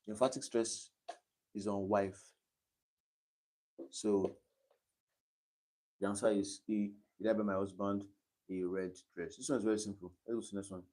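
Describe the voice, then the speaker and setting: Young Nigerian male tutor with a slightly low voice, repeats his points, patient and step by step on a live stream. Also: flat delivery, moderate pace, long pauses, dark tone. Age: young adult. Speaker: online exam tutor.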